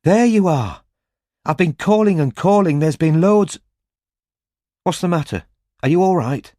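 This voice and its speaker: A man's voice: fairly high pitch, lively intonation, a little slow, warm tone, dry recording, clean studio sound, voice pushed up. A man voicing an eager young female office secretary who asks anxious, breathless questions. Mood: worried.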